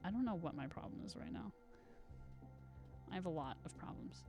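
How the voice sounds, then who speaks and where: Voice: mid-range voice, expressive, a little fast, music in the background. Rambling, giggly live streamer. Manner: rambling, self-deprecating, giggly asides. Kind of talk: casual gaming stream chat.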